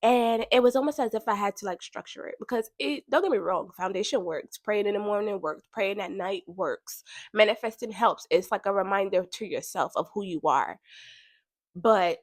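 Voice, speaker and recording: A woman talking casually about spiritual growth, chatty and animated, with features, laughing now and then and jumping higher when she quotes herself. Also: normal speed, no room sound, studio quality. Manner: chatty and animated, laughs often, bursts high when quoting. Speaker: podcast host.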